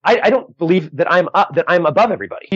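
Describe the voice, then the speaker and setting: A comedian's slightly rough, a little high voice moves at a quick pace as he tells a story during a casual podcast interview. He rambles, restarts frequently, and plays both sides of the exchanges with animation. The lo-fi video call audio sounds dull.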